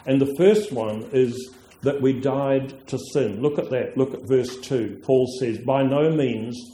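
A man's voice: medium pitch, mellow. A man preaching a sermon, earnest and emphatic, often restarting his phrases and drawing out key words. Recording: echoey room.

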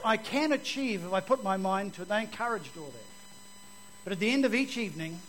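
A man giving a personal testimony to an audience, telling it vividly and moving from loud to hushed. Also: high-pitched, slight background noise, low-quality recording. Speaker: speaker giving his testimony.

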